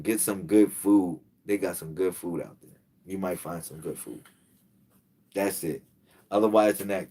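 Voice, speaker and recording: A man telling a casual, slangy story to the camera, laughing often and jumping into quoted voices. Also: mid-range voice. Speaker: spiritual channel host.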